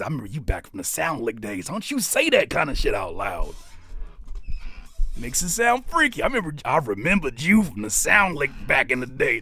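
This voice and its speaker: Male streamer, slightly high voice with a very lively swing, casual profane banter with chat. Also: moderate pace, vocal fry, dry recording, studio quality. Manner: animated joking banter, slangy and profane; reads out chat comments and teases viewers. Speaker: rapper and streamer reacting to viewer music.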